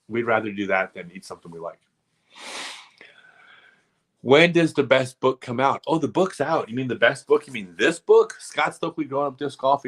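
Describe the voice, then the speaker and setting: A man hosting a casual live stream, telling rambling, animated stories full of asides. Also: mid-range voice.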